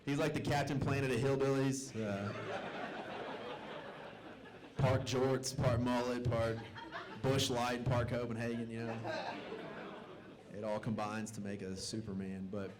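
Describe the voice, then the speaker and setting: A man's voice: mid-range voice, moderate pace, pauses often, low-quality recording. A young man doing a stand-up set in a comedy club, telling family stories and acting out his relatives' voices. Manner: Southern-tinged storytelling, acts out family members' voices. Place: comedy club stage with live audience.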